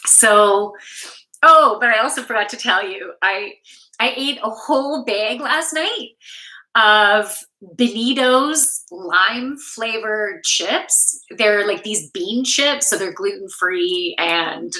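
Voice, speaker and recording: A woman's voice: mid-range voice, slow, bright, forceful tone, rough recording. A woman from Canada, a yoga instructor, chatting casually and candidly on a live stream from home, swearing freely and laughing often. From Canada, Toronto. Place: home room.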